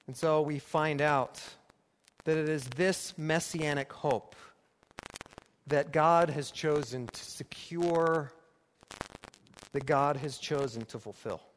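A man preaches a sermon slowly, pausing often, his fairly high voice keeping a mostly even intonation. He is emphatic, building each point through repeated phrases, and the recording has long reverb and faint background noise.

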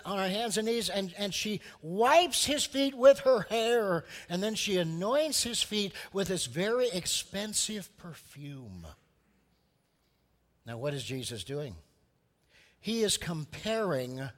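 A man preaching a sermon, telling a story with lively acted-out voices for its people. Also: high-pitched, long reverb tail. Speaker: pastor.

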